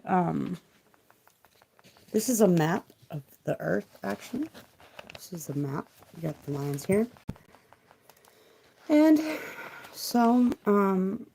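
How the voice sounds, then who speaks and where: A woman on a live stream speaking quietly and rambling through questions, trailing off as she reads and thinks aloud into a close mic. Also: mid-range voice, creaky, a little hiss or hum. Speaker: livestream tarot reader. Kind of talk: soft-spoken livestream musing. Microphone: close mic, kept quiet for live stream.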